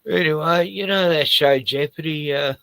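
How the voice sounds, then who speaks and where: Gravelly, tired man rambling. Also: fairly high pitch, moderate pace, a bit bright, no echo, rough recording. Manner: rambling, swears a lot, trails off often. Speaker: streamer. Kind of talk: casual late-night chat.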